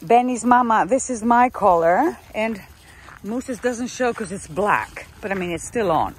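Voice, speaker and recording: A woman's voice: mid-range voice, lively intonation, measured pace, slightly rough. A woman out of breath on a woodland walk, cooing endearments to her dogs between chatty asides to the camera. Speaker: dog walker. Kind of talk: casual walking vlog. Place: outdoors on a woodland preserve trail.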